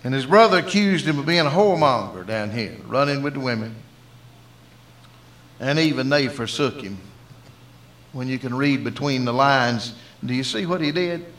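A man's voice: medium pitch, animated, normal speed, a bit bright. A man with a Southern US accent preaching a sermon in a folksy storytelling way. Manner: folksy storytelling, acting out dialogue.

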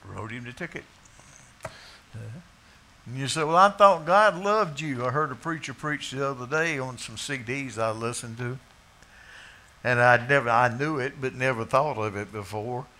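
Fiery preacher, bright voice. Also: male voice, medium pitch, moderate pace, long pauses. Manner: dramatic swings from quiet to shouted quotes. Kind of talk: sermon. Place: bar.

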